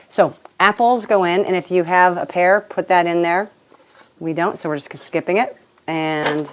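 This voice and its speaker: Lowish-voiced woman chatting thru a recipe in her kitchen, jokey, some dish clatter. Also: a little hiss or hum. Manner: chatty, playful, laughs often. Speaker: cooking show host. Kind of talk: casual cooking demonstration. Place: home kitchen.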